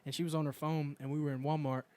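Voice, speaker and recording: A young man hosting a casual chat, telling profane stories and shouting out quoted lines. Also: a little high, little pitch movement, fast talker. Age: young adult. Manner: profane storytelling, loud acted quotes. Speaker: podcast host.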